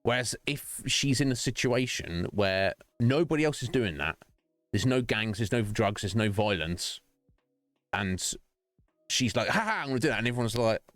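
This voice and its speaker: Guy streaming, low voice, rambly and sweary, dry close mic, faint music behind. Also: measured pace, a bit bright, no room sound. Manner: rambling, profane, frequent restarts and fillers. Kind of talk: casual chat while streaming.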